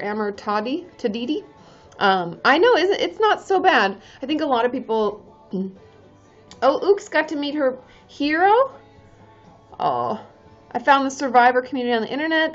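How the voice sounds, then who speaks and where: A woman's voice: high-pitched, highs cut off. Bubbly woman chatting on a live stream. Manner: bubbly and chatty, frequent "um" and "like", cheering viewers on, swears casually. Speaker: therapist and live-stream host. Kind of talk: casual live-stream chat, reading viewer comments aloud.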